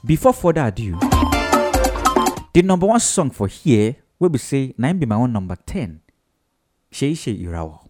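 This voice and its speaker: A man's voice: mid-range voice, big pitch swings, moderate pace, pauses often. A man with a Nigerian Pidgin accent hosting a chatty, mocking entertainment news segment on the radio. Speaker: radio show host. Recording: loud music bed behind voice.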